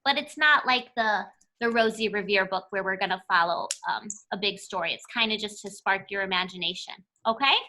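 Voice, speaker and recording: A woman's voice: medium pitch, fairly quick, hardly any pauses, bright, forceful tone. A young woman teacher reading a picture book aloud to her class, with playful, chatty asides to the children. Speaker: elementary school teacher.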